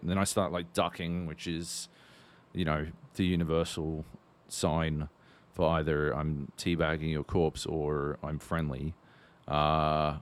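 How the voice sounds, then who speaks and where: A man co-hosting a podcast in casual chat, telling a rambling story with plenty of swearing. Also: extremely low pitch. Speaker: podcast co-host.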